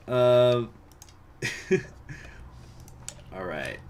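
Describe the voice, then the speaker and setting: A man's voice: lowish voice, expressive, extremely slow, pauses often. A man casually commenting on a strategy game during a live stream, laughing often and answering viewers. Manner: chatty, laughs often, reacts to chat.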